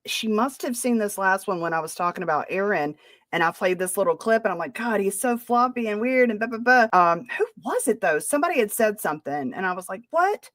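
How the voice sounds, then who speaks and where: A woman's voice: medium pitch, animated, fairly quick, fairly bright tone, dry recording, clean studio sound. A woman hosting a podcast, talking casually in a sarcastic, defensive way. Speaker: podcast host. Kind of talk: casual chat.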